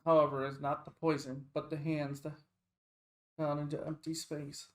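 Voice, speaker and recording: A man streaming a game, reading its story text aloud in a slow, deliberate way. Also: a little high, flat delivery.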